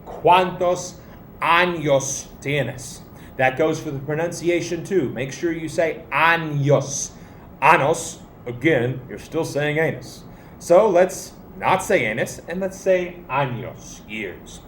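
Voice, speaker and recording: A man's voice: fairly high pitch, expressive, a little slow, slight background noise. A man teaching a language lesson to students, patient and explanatory with playful emphasis. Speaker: Spanish teacher. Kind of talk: classroom video lesson. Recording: echoey room, faint ambience.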